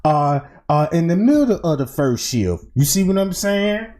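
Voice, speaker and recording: A livestream commentator walks through a true-crime theory in an informal way, often saying "boom" and "right?". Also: sing-song, normal speed, a little mellow.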